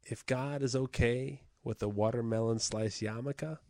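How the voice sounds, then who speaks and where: A man's voice: medium pitch, steady tone, measured pace, warm tone, no room sound, clean studio sound. A man co-hosting a comedy podcast, casually telling a long joke as a story. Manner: storyteller, many fillers and restarts. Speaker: podcast co-host.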